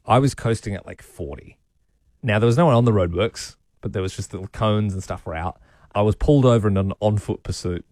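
A man's voice: lowish voice, a little fast, darkish tone, no echo, studio quality. A young adult man, co-hosting a casual radio show and telling stories with easy laughs. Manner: chatty, storytelling, laughs easily. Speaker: radio co-host. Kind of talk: casual breakfast radio banter.

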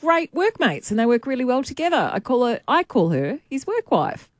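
A woman's voice: high voice, big pitch swings, moderate pace, no echo, clean studio sound. A woman, co-hosting breakfast radio and telling a story with lots of laughter. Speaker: radio co-host and newsreader. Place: radio studio.

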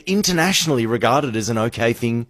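A man hosting radio, telling a funny story with lively voices for the people in it. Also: mid-range voice, quick pace, no room sound, studio quality. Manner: animated storyteller, acts out voices. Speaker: radio host.

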